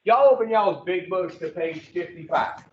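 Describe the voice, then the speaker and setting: A man's voice: high voice, moderate pace. A man leading an addiction recovery class, blunt and profane, quizzing the group in front of him. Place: room with a group. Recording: roomy, distant, dull lo-fi.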